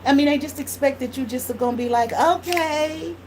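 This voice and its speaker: Blunt animated woman telling a story. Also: high voice, fairly quick, a little hiss or hum, rough recording. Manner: blunt, animated, swears freely. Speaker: tarot reader. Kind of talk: casual storytelling to viewers.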